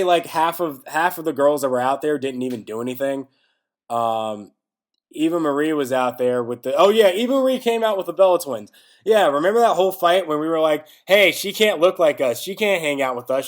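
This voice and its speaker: A man talks through a casual solo review in a slightly high voice. He rambles and leans on filler words. His tone turns exasperated as he goes. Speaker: wrestling podcast host.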